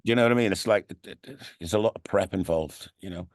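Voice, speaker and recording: Speaking quickly in a low voice, a middle-aged radio DJ and TV presenter with a Liverpool accent rambles casually as an interview guest, peppering his talk with "you know what I mean." The radio studio recording is clean, with no room sound.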